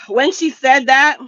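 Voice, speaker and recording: A woman's voice: fairly high pitch, pushed and bright, no echo, dull audio. A woman telling a personal story to her viewers in a casual storytime vlog, talking to them directly and repeating points for emphasis. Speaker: storytime vlogger.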